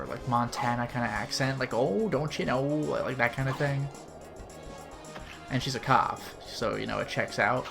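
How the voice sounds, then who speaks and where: A man giving casual, rambling commentary while streaming a game, peppered with fillers. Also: mid-range voice. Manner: chatty and rambling, with frequent "like" fillers.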